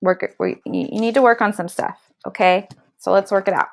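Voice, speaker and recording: A woman's voice: mid-range voice, steady tone, fairly quick, vocal fry. A woman giving a live tarot card reading, talking straight to viewers with blunt, emphatic tough-love advice, some swearing, and a constant "okay?" to check in. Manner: keeps checking in with "okay?" and "all right?".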